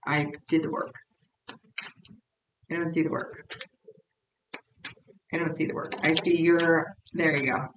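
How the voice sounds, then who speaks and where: A lower-voiced woman reads tarot cards in a blunt, chatty manner and circles back to the same points again and again. The sound bounces around a roomy space, she sits some way from the mic, and faint noise hums underneath. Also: recorded from a distance. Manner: blunt, chatty, repeats herself. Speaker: tarot reader. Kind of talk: tarot card reading.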